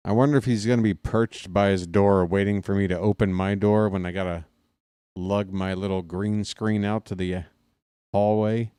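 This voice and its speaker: Mellow-voiced man calling baseball from home. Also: on the low side, steady tone, normal speed, clean tone, no echo, studio quality. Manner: casual, wisecracking, drifts into asides. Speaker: play-by-play broadcaster. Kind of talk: live baseball play-by-play stream. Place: home apartment.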